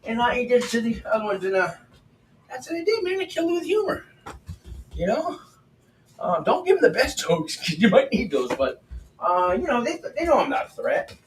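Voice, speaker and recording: This older livestream host has a very high-pitched, sing-song voice at a moderate pace. He chats bluntly and profanely, telling stories as he cooks in his home kitchen, and he's captured from a distance in a roomy space with faint background noise.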